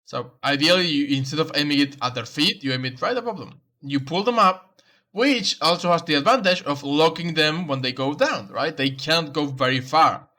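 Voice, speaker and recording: Animated and sharp-toned, this man's voice sits on the high side at a moderate pace. He's coaching a player through a match replay, commenting on tactics and going back over the key advice.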